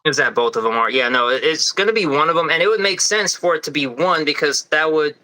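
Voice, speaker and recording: Bright-voiced man arguing a film theory. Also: on the high side, rough recording. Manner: quick, animated arguing with frequent restarts. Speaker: podcast co-host. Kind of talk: casual podcast discussion.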